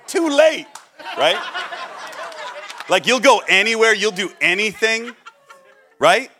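Male guest preacher, bright voice, slightly high, animated and jokey, acts out voices, quiet for serious points. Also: brisk, slight background noise. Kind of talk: sermon.

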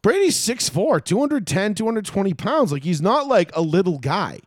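Man, fairly high voice, profane ranting sports podcaster, dry close mic. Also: moderate pace, no echo. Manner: profane, ranting, animated storytelling. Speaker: podcast co-host. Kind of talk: casual sports chat.

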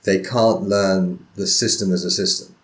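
Low-voiced man hosting a podcast. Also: steady tone, a little slow, fairly bright tone. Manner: thoughtful, rambling, many restarts and "right?". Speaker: podcast host. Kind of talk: casual interview chat.

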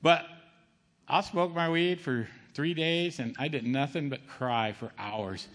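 High-voiced middle-aged man giving testimony. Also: measured pace, fairly bright tone, in a large hall. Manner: conversational, keeps asking the crowd "okay?" and saying "man". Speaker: testimony speaker. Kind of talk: spoken church testimony.

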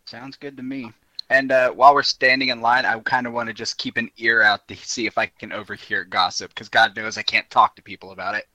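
A man's voice: mid-range voice, little pitch movement, fairly quick, pushed and bright, no room sound, poor audio. A man playing a tabletop game, talking casually in a laid-back, joking way. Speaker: player.

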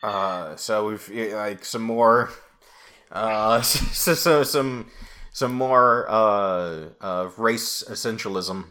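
A man co-hosting a podcast in casual chat, halting and full of fillers, with a dry sarcastic wit. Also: fairly low pitch, pushed and bright. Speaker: podcast co-host.

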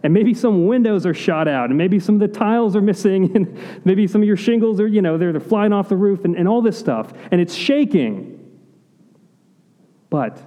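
A man preaching a sermon, earnest, asking rhetorical questions and dropping to quiet intensity at key points. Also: fairly high pitch, lively intonation, moderate pace. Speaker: pastor. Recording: long hall reverb.

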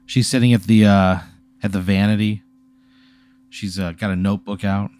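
A man hosting and narrating an improvised comic scenario in a deadpan, laid-back way. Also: on the low side, normal speed, dry recording. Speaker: host running an improvised hypothetical. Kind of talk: improvised comedic storytelling.

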